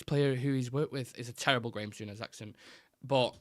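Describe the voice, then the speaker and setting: A man's voice: mid-range voice, steady tone, a little fast, dry recording, studio quality. A young man hosting a live football fan show, chatting through his opinions and reading viewer comments, with plenty of fillers and restarts.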